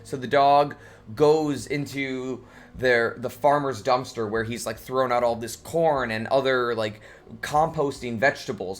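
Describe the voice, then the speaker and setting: Man improvising a rambling bedtime story. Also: medium pitch. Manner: relaxed, rambling, with restarts and fillers. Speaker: streamer.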